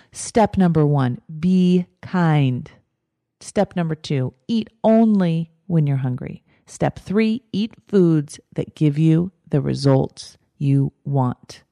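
A woman's voice: sits low, vocal fry, dark tone, dry recording. A woman hosting a life coaching podcast, talking directly and emphatically and repeating her key steps. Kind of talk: motivational podcast talk.

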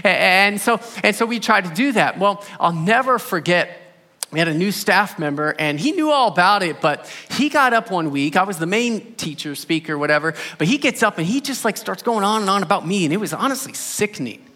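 A male pastor delivers a sermon in a chatty, storytelling way, pushing harder on his key points. His voice sits high and sounds bright. The sound carries a long echo from the church hall around him. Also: animated, brisk. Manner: conversational storytelling preaching, rising with emphasis.

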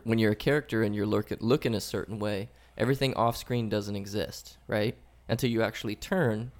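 Low, gravelly-voiced man podcast host. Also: a little mellow. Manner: explains things step by step, halting restarts. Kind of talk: casual chat.

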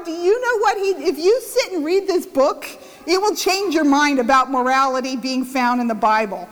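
A woman's voice: high-pitched, moderate pace. A woman pastor giving a sermon, telling a self-mocking story and acting out the quotes. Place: church. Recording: church hall reverb.

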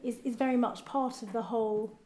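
A woman's voice: fairly high pitch, steady tone, fairly quick, warm tone. A woman from Britain moderating a live panel talk, hesitant, with many ums and restarts. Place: event venue, live audience. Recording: echoey event hall with faint noise.

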